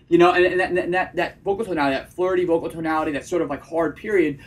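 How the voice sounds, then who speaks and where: A man, a dating coach, giving energetic advice in a casual conversation. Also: a little high, rapid-fire. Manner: energetic, acts out example voices.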